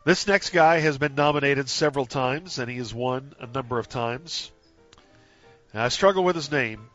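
A man hosting a sports radio show, bantering and taking calls with loud, cheerful greetings. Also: medium pitch, normal speed, muffled recording, faint music behind. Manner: laughing, upbeat, loud greetings to callers.

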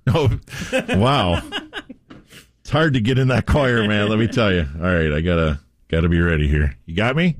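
A male radio co-host who croons a parody song slowly and announces bits like a showman. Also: lowish voice, animated, no echo, studio quality. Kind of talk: comedic song parody and banter.

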